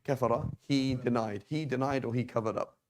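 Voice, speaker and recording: A man's voice: medium pitch, steady tone, brisk. A man teaching an informal Arabic class, talking conversationally and tossing rhetorical questions at his students.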